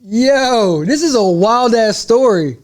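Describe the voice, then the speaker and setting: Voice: mid-range voice, animated, takes it slowly. A reaction video host blurting short, amazed remarks over a comedy clip. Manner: brief amazed interjections. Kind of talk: reacting casually.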